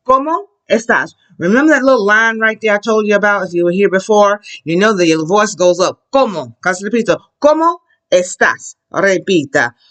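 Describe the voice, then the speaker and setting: A woman teaching a children's Spanish class, drawing out words slowly for the class to repeat. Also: medium pitch, fairly bright tone. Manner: slow, drawn-out call-and-repeat prompts. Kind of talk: children's language lesson. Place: classroom with a chart behind her.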